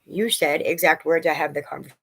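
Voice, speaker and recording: A woman's voice: deep voice, fairly even intonation, quick pace, vocal fry, fairly bright tone, slightly rough, poor audio. A woman who is a mother, rambling and agitated as she tells a personal story in a vlog. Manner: rambling and agitated, quoting others.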